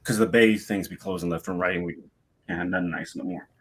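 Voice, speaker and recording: A man with a fairly low voice chats easily on a podcast. He works through a question out loud, calm and unhurried. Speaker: podcast co-host. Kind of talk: casual chat.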